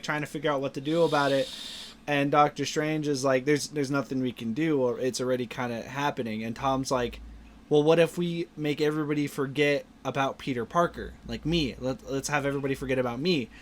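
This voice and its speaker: A young man recaps a film for his podcast, piling scene on scene and jumping into the characters' lines. His voice sits a little high and he swears freely as he gets worked up. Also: brisk, a little hiss or hum. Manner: excited retelling of scenes, swears, acts out lines. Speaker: podcast host. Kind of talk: casual movie review chat.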